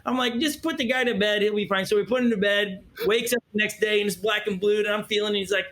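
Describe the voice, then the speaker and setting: A man with a notably high voice hosts a heartfelt interview. He tells stories with lively energy, slipping into quoted voices and often restarting his sentences. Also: fast. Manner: animated storyteller, acts out quotes, restarts often. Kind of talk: candid interview conversation.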